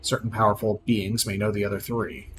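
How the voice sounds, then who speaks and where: A man reading out the lines of a proud, scornful female sorceress in a video game, plainly and with small slips, over clear background noise. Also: lowish voice, flat delivery, fairly quick, lightly acted.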